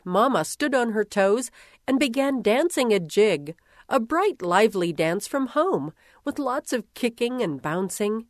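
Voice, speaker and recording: A woman narrating a first-person story in a measured, gentle voice at a middle pitch. The sound is dry and close, with no room around it. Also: no room sound. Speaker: reader.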